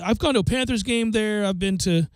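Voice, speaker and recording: High-voiced middle-aged man ranting on radio. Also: fairly quick, no room sound. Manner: animated, ranting storyteller. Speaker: sports radio host. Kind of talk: casual sports radio chat. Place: radio studio. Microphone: studio microphone.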